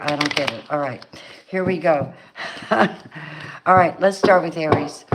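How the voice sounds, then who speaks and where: A middle-aged woman talks through a tarot reading in a casual, chatty way. Her voice sits low, and she laughs often and slips into playful voices for the people in the cards. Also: background noise. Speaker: tarot reader.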